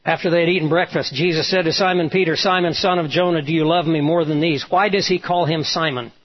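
A man's voice: on the high side, fairly even intonation, fast. A male pastor preaching a sermon, retelling a story and voicing the quoted lines with emphasis. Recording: dull lo-fi sound.

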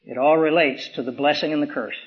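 A man preaching a sermon as pastor, hoarse from swollen tonsils, with emphatic rises and slow, dramatic drops. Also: on the high side. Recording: dull lo-fi recording.

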